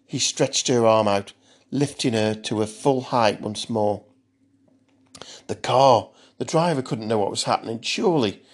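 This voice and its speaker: A man's voice: on the low side, moderate pace. Man narrating a tense thriller.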